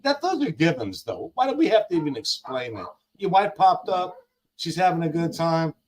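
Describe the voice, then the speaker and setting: A man's voice: a little high, very animated, normal speed, a little mellow. An older man with grandkids, talking in a heated, emphatic way on a casual live stream, full of slang and repeated lines. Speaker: guest on a live gig-driver talk show.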